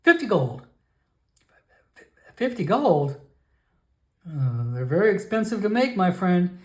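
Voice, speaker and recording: Man doing a pushy potion merchant, higher-pitched and lively, slow wheedling pitch. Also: exaggerated voice. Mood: coaxing. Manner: wheedling sales patter, calls everyone my friend. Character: pushy male merchant alchemist, chatty salesman.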